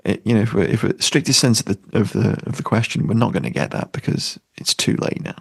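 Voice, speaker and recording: A man's voice: lowish voice, expressive, quick pace, creaky, husky. A man co-hosting a podcast in casual chat, hesitant and repeating his words. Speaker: podcast co-host.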